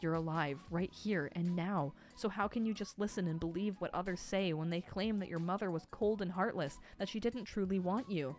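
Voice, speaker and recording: A woman reading the lines of a stern, devoted young male cultivation master, earnest and emphatic, in a lowish voice over faint music. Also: moderate pace, few pauses, darkish tone, close to an everyday voice.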